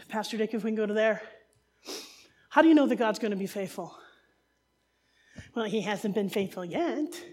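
Woman preaching with lively storytelling. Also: mid-range voice. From New Jersey. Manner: storytelling, animated, jokey asides. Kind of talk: sermon with a personal story.

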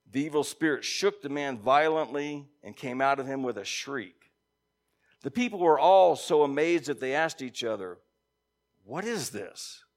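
A male pastor preaching at a middle pitch. He drives his points with emphatic loud stresses, then drops into low, quiet phrases. He throws in casual asides to the people listening. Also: animated, normal speed. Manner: conversational asides to the congregation. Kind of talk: sermon.

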